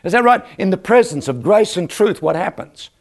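An older man preaching a lively church sermon, joking and calling out for amens from the congregation. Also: high voice, normal speed. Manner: animated, joking, calls for amens from the crowd. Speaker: guest preacher. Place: church service.

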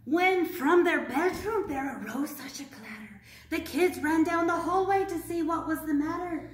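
A young woman librarian reading a picture book aloud at children's storytime, gentle and playful, asking the kids questions. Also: high-pitched, moderate pace, hardly any pauses, a little hiss or hum. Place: public library room. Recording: echoey room, mic far off.

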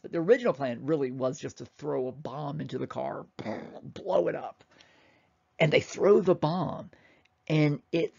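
A man's voice: on the high side, gravelly, a little mellow, highs cut off. A man giving a casual, rambling history lecture, often correcting himself and acting out quotes.

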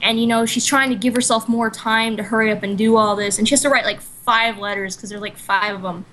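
A woman with a fairly high voice, chatting casually as a podcast co-host. She rambles through a long retelling, packing in "like" and "you know" and restarting her sentences, with a faint hiss of noise under her voice. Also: fairly even intonation, brisk, a bit bright, rough recording. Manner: rambling, full of "like" and "you know", self-correcting. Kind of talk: casual chat retelling an anime plot.

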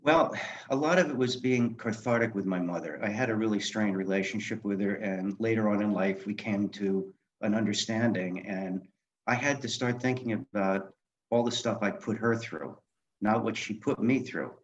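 A man's voice: lowish voice, moderate pace, a little hiss or hum. A man in his sixties, an author and director, telling stories in a podcast interview and acting out the dialogue. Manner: animated anecdotes, acting out quoted dialogue. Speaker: guest, author and film director. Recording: dull lo-fi sound.

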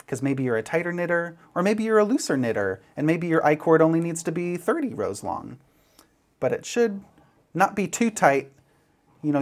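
A man giving a step-by-step knitting tutorial, chatty and playful as he demonstrates each move. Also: on the high side. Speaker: knitting instructor.

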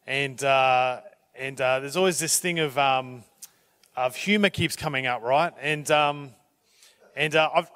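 A man pastor speaking to a church, halting and full of restarts, with self-deprecating humour. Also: a little high, a bit bright. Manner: halting, with many fillers and restarts. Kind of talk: church talk.

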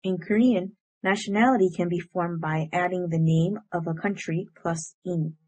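A woman delivers a scripted grammar lesson for a language, explaining clearly and reading example sentences in a measured way. Her voice is on the low side, steady in tone and a little mellow.

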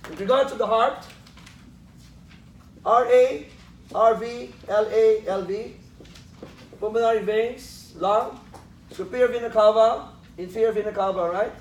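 A man's voice: sits high, a little slow, long pauses, darkish tone, muffled recording. A man lecturing a class, quizzing students with questions and joking as he teaches. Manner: joking, laughs at his own jokes. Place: lecture room. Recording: echoey classroom with faint noise.

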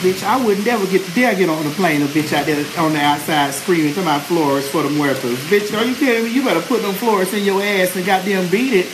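A woman's voice: medium pitch, fast, hardly any pauses, reverberant, background noise. A woman hosting a casual cooking vlog from her home kitchen, a brash, profane, chatty storyteller. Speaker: host.

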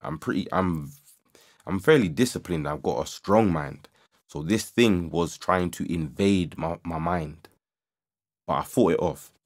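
Slangy young man, low voice. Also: unhurried. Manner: slangy, animated, rising to agitated shouts when reliving the story. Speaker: livestream host. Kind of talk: casual storytelling. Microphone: studio microphone with audio interface.

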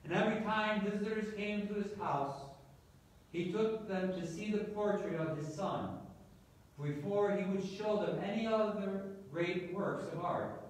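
A man, a priest, telling a story in a sermon with slow, measured delivery, recorded in a church from far off. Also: sits high, very echoey.

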